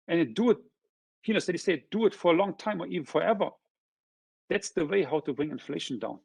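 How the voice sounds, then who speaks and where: A man presenting an economics seminar, walking through a figure step by step and often checking in with a quick "huh?". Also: on the high side, vocal fry, darkish tone, breathy edge, dry recording. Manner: checks in with frequent tag questions. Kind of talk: academic lecture explaining graphs.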